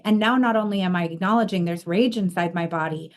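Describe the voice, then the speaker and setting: A woman's voice: mid-range voice, brisk, few pauses, darkish tone. A woman hosting a podcast interview, talking in an earnest, reflective way with frequent fillers. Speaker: podcast host and coach. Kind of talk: casual interview conversation.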